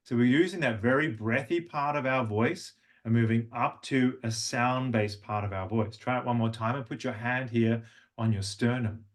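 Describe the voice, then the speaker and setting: A man leads a live voice-coaching workshop, patient and instructive, guiding his group step by step through each exercise. His pitch sits in an ordinary middle range for a man. He explains each point plainly and invites the room to try it. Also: normal speed. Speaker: language and voice coach.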